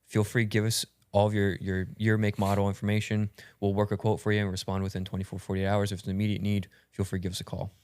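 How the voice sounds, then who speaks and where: A male podcast host with a very deep voice that hardly rises or falls. He talks at a steady, measured pace. The sound is dry and close, with no room echo. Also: smooth. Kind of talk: casual podcast conversation.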